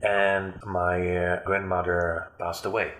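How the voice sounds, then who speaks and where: Deep, flat-voiced man telling his story. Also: reverberant. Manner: halting, with frequent fillers and restarts. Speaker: interview guest. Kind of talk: personal storytelling.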